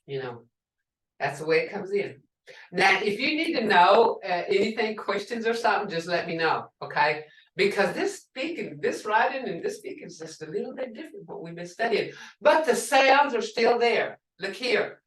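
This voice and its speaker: A woman's voice: medium pitch, fairly bright tone. An older woman teaching a language class, patiently explaining words one by one with examples. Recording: roomy, distant mic.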